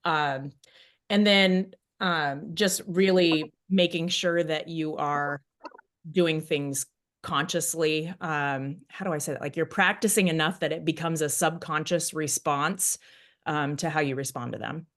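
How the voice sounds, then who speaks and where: A woman co-hosting a real estate coaching podcast, talking in a rambling, animated, self-interrupting way. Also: sits low, unhurried. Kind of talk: casual podcast discussion.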